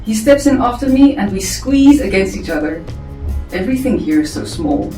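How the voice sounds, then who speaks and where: A woman reading her own story draft aloud to a family member, chatty and quick to laugh. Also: mid-range voice. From South Africa. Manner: lively, laughing, chatty asides. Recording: echoey room, far from mic, faint music.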